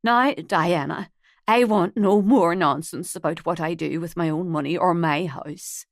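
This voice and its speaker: A woman narrator voicing a soft-spoken elderly woman who speaks quietly. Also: lowish voice, unhurried, no echo, clean studio sound. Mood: firm. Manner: quiet, then firm.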